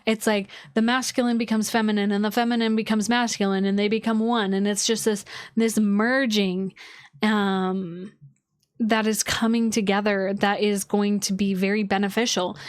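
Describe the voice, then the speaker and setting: Woman, livestream astrologer, chatty, swears casually, dry close sound, mid pitch. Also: little pitch movement, normal speed, clear, resonant tone, no room sound. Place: at home.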